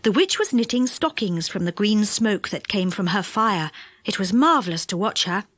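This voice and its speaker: A woman narrating a children's storybook audiobook with lively, expressive delivery. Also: mid-range voice, normal speed, no echo. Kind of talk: storybook reading. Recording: dry close studio sound.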